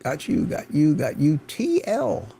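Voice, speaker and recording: A man's voice: fairly high pitch, wildly swooping pitch, measured pace, vocal fry, warm tone, a little hiss or hum. An older man hosting a livestream, chatting casually and rambling as he greets viewers by name from his home studio. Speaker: livestream host.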